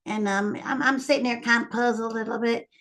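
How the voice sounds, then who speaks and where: A woman's voice: fairly high pitch, fairly even intonation, a little fast, a bit bright. A woman telling a family story to her viewers in a casual, rambling way, full of ums and little laughs. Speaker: vlogger.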